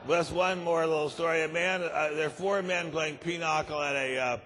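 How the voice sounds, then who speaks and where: A man telling jokes at a conference in a dry, unhurried way, with frequent uhs. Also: fairly high pitch, steady tone, fairly bright tone, slight background noise. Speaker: conference speaker. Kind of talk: stand-up joke telling. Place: large conference hall. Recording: long reverb of a large conference hall.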